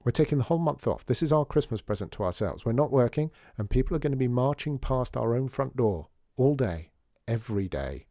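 A man's voice: medium pitch, animated, fairly quick, few pauses, warm tone, no room sound, natural voice. A man voicing a wry grown woman neighbour in a storybook reading, with a dry, teasing manner.

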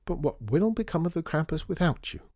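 A man voicing an effusive society lady in a storybook reading, high and fluttering. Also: huge pitch swings, moderate pace, vocal fry, mellow, breathy edge, dry recording, studio quality, exaggerated voice. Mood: gushing. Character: gushing society lady, older woman.

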